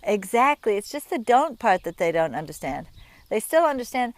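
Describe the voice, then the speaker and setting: A woman's voice: fairly high pitch, sing-song, moderate pace, dry recording. A woman, a riding instructor talking outdoors from horseback, explaining things in a friendly, chatty way with everyday examples. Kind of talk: instructional talk while riding. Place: outdoors at a rural horse yard.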